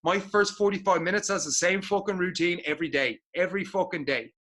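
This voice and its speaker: Brief: young adult man, podcast co-host, swears constantly, hammers points home by repeating them; bright, slightly high voice. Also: fairly quick. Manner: blunt, heavy swearing, emphatic repetition. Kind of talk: motivational podcast talk.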